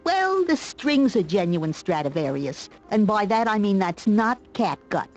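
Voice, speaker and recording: Man voicing an old gypsy grandmother, mock Yiddish accent, nagging, sarcastic, lively swooping pitch, dull lo-fi sound. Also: a little slow, soft background music, exaggerated voice. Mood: kvetching. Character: old female gypsy fortune teller, kvetching grandmother. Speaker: streamer voicing game characters.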